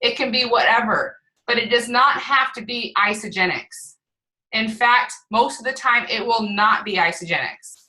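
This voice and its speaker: A woman leading a team call, coaching in an energetic way, repeating points and often checking in with "right?". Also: fairly high pitch, normal speed, low-quality recording. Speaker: team leader on a group call. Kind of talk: motivational coaching talk.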